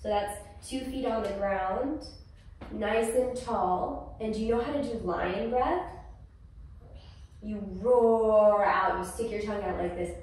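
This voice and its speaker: Slow gentle woman, echoey room. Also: on the high side, slight background noise. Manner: gentle, sing-song, talking to a toddler. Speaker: yoga teacher and mother. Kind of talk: toddler yoga class instruction. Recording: echoey room, far from the mic.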